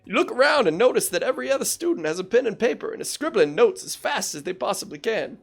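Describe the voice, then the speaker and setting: A young woman streamer reading a dating game aloud in a playful, animated way, with casual asides. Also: mid-range voice, fast talker, vocal fry, soft background music.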